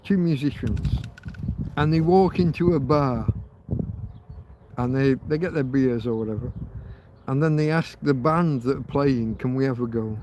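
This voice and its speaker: A man's voice: medium pitch, a little slow, pauses often, noisy background. A man hosting a livestream, chatting in a rambling way with many fillers and restarts. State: laughing through tears. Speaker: livestream host. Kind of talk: rambling casual chat.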